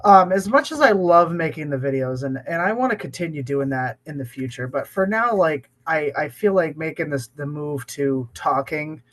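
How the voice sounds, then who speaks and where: A man's voice: a little high, lively intonation, moderate pace, hardly any pauses, a bit bright. A man co-hosting a podcast in casual chat, sick with a cough, talking at length and often restarting his sentences. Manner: talkative, rambling with many restarts. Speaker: podcast co-host.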